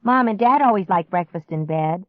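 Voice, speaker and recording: A woman voicing a nervous, whiny young boy in an audiobook, rising high and squealing when scared. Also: expressive, normal speed, no echo, close to an everyday voice. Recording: dry, slightly muffled audiobook recording.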